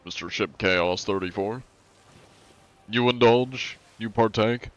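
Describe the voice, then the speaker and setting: A man's voice: fairly low pitch, takes it slowly, muffled recording. A man voicing an overly formal male anti-cheat inspector who speaks with stiff, mock-official politeness. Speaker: gaming streamer.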